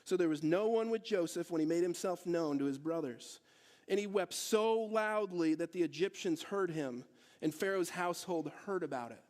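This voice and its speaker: A man's voice: high-pitched, moderate pace, darkish tone. A male pastor preaching a sermon to his church in a conversational way, asking the congregation rhetorical questions. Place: church service in a theatre hall.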